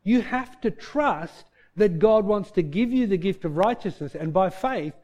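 A man pastor preaching a sermon, asking the congregation questions and answering them himself, and dropping to a soft, low voice for heartfelt points. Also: animated, unhurried.

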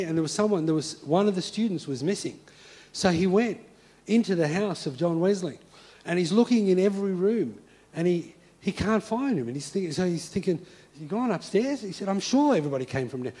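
Male pastor with a slightly high voice, sermon delivery that drops to hushed prayer. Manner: storytelling preacher who drops to a soft, hushed prayer voice. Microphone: speaking to a congregation and viewers at home.

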